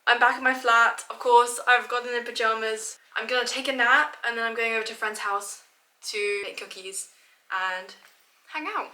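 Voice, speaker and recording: A young woman vlogging to camera in a chatty, excitable, self-mocking way. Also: on the high side, normal speed, background noise. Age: young adult. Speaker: student vlogger. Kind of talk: casual vlog talk to camera. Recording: echoey room sound.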